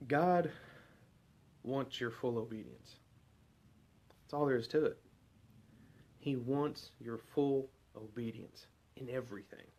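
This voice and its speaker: An adult man who is a parent preaches a devotional sermon in a relaxed, conversational manner. His pitch is ordinary and his delivery slow, with frequent pauses as he poses rhetorical questions to listeners.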